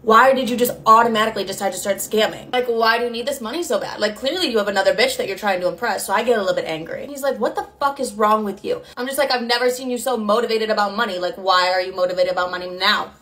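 A woman's voice: medium pitch, very fast, hardly any pauses, a bit bright. A young adult woman telling a storytime in a casual, candid way, swearing freely and saying "like" a lot. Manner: chatty, candid and profane, heavy use of "like".

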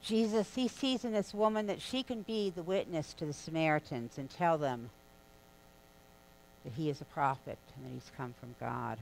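Preacher, sermon, conversational storytelling, casual asides, mid-pitched voice, faint hum. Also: moderate pace, creaky, rough recording. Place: church sanctuary.

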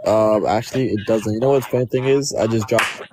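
A man's voice: on the low side, a little fast. Easygoing young man on a noisy livestream. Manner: relaxed, joking slang. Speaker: livestream guest. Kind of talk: casual group livestream chat. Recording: loud background noise.

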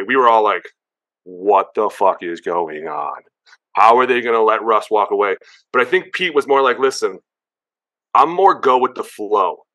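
A man in his thirties chats as a guest, rattling off stories at a quick clip. His voice is bright and lively, and he slips into quoted voices with plenty of "like" and "dude". It sounds like a relaxed, excited interview. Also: medium pitch. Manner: animated, acts out quotes, many "like" and "dude". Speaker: guest, former pro football player. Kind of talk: excited casual interview storytelling.

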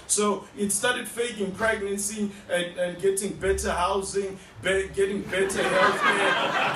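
A man's voice: sits high, fairly bright tone. A man performing a rambling stand-up comedy set in a tea room, with stammering restarts. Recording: echoey room, distant mic, noisy.

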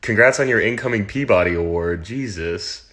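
A man's voice: fairly low pitch, moderate pace, a bit bright. A man with an American accent, reading fan comments aloud on a phone livestream and answering them in a wry, teasing way. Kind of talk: casual livestream Q&A.

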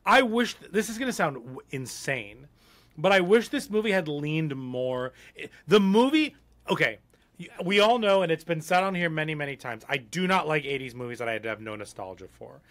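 A man's voice: on the high side, animated, normal speed, a bit bright. A man co-hosting a podcast in casual chat, talking bluntly and rambling with lots of fillers. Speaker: podcast co-host.

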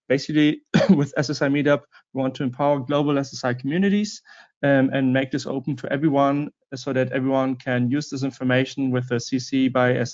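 A man hosting an online meetup and introducing the speaker, with halting fillers and repeated words, over dull lo-fi call audio. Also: medium pitch, darkish tone, dry recording. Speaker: meetup host.

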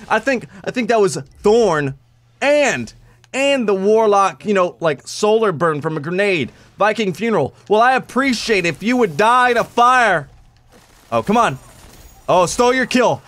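A young man giving excited live gameplay commentary, joking, shouting at opponents and dropping to low mutters. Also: a little slow. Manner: animated, jokey, swings from shouting to muttering. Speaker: gameplay reviewer.

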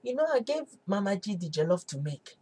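A woman with a Nigerian English accent and a husky voice playing a wife who sweet-talks and pleads with her husband in a comedy sketch. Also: medium pitch, big pitch swings, warm tone. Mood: explaining. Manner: coaxing and pleading, quick to excuse herself. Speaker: comedy skit character. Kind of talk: comic sketch acting.

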